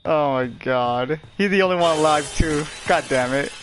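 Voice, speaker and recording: A man's voice: fairly high pitch, normal speed, a little hiss or hum. A young man streaming a game live, chatting casually with friends, swearing and laughing often. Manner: profane, laughing, excitable banter. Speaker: livestreamer. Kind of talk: casual gaming livestream chat.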